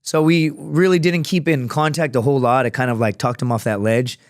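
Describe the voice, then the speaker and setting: A man with a middling voice, neither high nor low, tells a long story in a relaxed, meandering way. He swears freely and keeps it loose. The sound is dry and close, as in a podcast studio. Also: a little fast, dry recording. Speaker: podcast guest, veteran. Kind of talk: casual podcast conversation.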